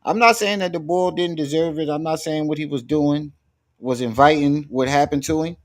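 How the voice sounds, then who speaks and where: A man's voice: a little high, fairly even intonation, moderate pace. A man hosting a live stream, talking in a blunt, profane, mocking way as he reacts to a video. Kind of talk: casual live-stream commentary.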